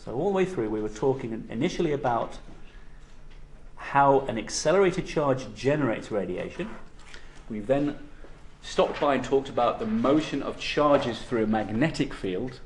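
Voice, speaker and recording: A man delivering a university physics lecture at a steady, mid-pitched level. He explains ideas step by step and keeps checking in with his students. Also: normal speed, a little hiss or hum. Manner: explanatory, frequent "okay?" checks.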